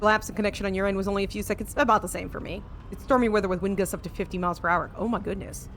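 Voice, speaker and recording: A woman's voice: medium pitch, fairly even intonation, very fast, slight background noise. An American woman streaming a game live, reading its text aloud with dramatic emphasis and chatting casually with her viewers, with the odd swear word thrown in. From United States.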